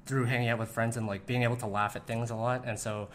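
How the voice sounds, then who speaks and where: A young man talking candidly as an interview guest, relaxed, with many fillers. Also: medium pitch, fast, slight background noise. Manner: laid-back, lots of fillers, frequent "like". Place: room in the Philippines.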